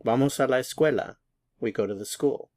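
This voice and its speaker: A man teaching a language lesson at a board, explaining each form patiently and repeating words slowly. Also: mid-range voice, a little mellow, no room sound, clean studio sound. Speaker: Spanish teacher.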